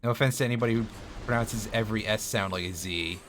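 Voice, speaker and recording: A man's voice: fairly low pitch, fast, fairly bright tone. A man streaming a video game live, giving wry, self-mocking commentary and talking to his chat as he plays. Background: faint game music.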